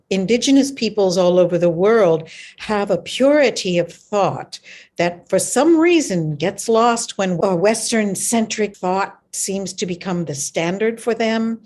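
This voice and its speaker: A woman's voice: medium pitch, darkish tone. A woman hosting a radio talk show, chatting casually with her guest and laughing easily. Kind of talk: casual interview chat.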